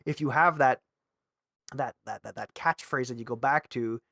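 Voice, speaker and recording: Mid-pitched male host from Canada, hesitant and agreeable, dry close mic. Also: normal speed, gravelly, a bit bright, no room sound. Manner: hesitant, restarts and agrees often. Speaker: podcast host. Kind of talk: casual interview chat.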